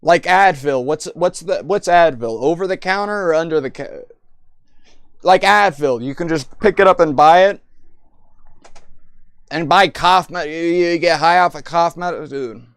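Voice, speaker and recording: Young male streamer host, teasing and rambling; smooth, slightly high voice. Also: measured pace, dry recording, clean studio sound. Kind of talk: casual voice chat banter.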